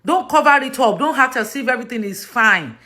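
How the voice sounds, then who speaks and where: A woman's voice: fairly high pitch, animated, fairly quick, sharp tone. Emphatic Nigerian woman vlogging. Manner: emphatic, affectionate, repeats herself. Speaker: actress vlogger. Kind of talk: direct-to-camera vlog monologue.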